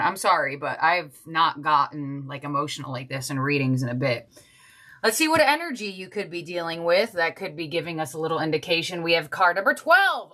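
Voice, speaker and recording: Bright-voiced woman doing a chatty tarot reading. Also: deep voice, expressive, moderate pace. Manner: chatty and heartfelt, thinks aloud with many "like"s. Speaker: tarot reader. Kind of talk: casual tarot reading to camera.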